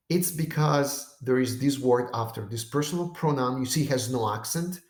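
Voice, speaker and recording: A man's voice: medium pitch, darkish tone. Patient man teaching in an echoey room. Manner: patient, explains step by step and checks in with "okay?". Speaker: teacher of biblical Greek. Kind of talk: lesson on screen text.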